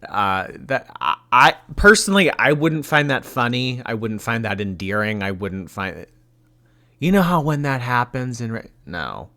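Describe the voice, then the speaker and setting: A man's voice: mid-range voice, expressive, unhurried, fairly bright tone. A man hosting a commentary show, reacting to video clips in a sarcastic, mocking way. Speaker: commentary channel host.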